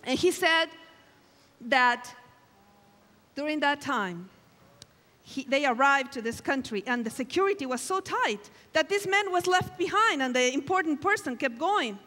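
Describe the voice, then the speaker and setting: Woman preacher, high bright voice, slow deliberate delivery, emphatic sermon, long hall reverb. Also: expressive. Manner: emphatic, exclamatory preaching with dramatic quoted lines. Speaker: guest preacher. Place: large hall at a camp meeting.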